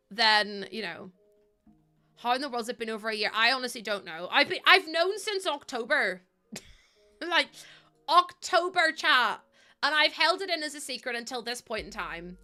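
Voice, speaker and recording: A woman streamer chatting casually with her live chat, excitable and talkative, laughing often. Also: fairly high pitch, moderate pace, soft background music.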